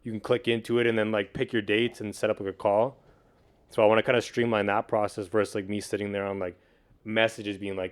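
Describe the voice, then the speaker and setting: Fast-talking slangy man, low clear voice. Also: level tone. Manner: fast, loose talk full of "like", slangy. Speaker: podcast guest, video producer and beatmaker. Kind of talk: casual chat.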